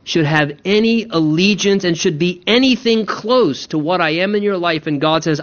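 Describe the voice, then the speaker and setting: A man's voice: high voice, moderate pace, hardly any pauses, muffled recording. A male pastor preaching a sermon in a conversational way, often restarting and repeating words.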